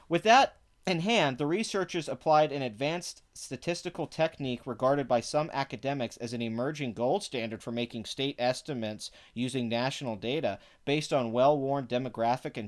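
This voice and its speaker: A man giving sarcastic, profane commentary, reading parts of an article aloud between exasperated rants. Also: medium pitch. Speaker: online commentator.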